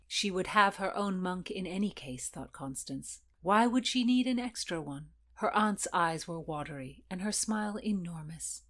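A woman host reading historical fiction aloud in an expressive storytelling manner. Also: fairly low pitch, normal speed, few pauses. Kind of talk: scripted narration of historical fiction.

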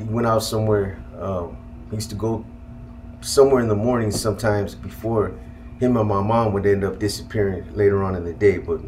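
Man swearing through a halting personal story. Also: on the low side, a little hiss or hum. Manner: profane, halting, with many fillers and restarts. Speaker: guest telling his life story.

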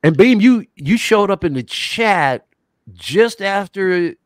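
A man talks on a livestream with a fairly high, very lively voice that swings up and down as he gets excited. The sound is dry and close, with no room around it. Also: slow pace, dry recording. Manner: animated, enthusiastic storyteller. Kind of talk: casual livestream chat.

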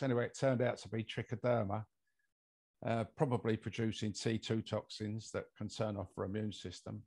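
On an interview podcast, an older man from the UK who investigates mold shares a long, rambling personal story heavy with fillers. His voice sits on the low side with a darkish tone, fairly even intonation, and normal speed.

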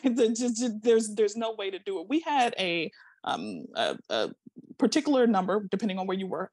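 A woman's voice: medium pitch, a little mellow, husky, no echo, studio quality. A middle-aged woman giving a passionate seminar talk over a video call, emphatic and full of rhetorical questions. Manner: emphatic, repeats words, asks rhetorical questions. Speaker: seminar speaker.

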